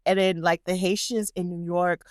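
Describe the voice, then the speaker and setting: A young adult woman from the United States, hosting a casual podcast conversation and telling stories in a lively way. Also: on the low side, moderate pace, no echo, clean studio sound. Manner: lively storyteller who acts out what others said. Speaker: podcast host.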